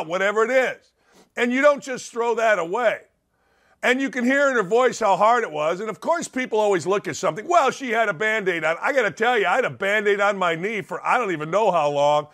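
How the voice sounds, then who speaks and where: A man's voice: high voice, fairly bright tone. A middle-aged man hosting a talk show, delivering an opinionated monologue in an emphatic, punchy way with rhetorical questions.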